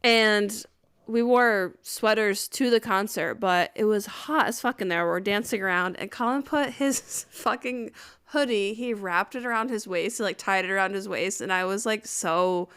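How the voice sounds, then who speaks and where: A woman's voice: mid-range voice, normal speed, fairly bright tone, smooth. A young woman co-hosting a podcast, chatting casually, blunt and laughing often. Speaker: podcast co-host. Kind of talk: casual chat.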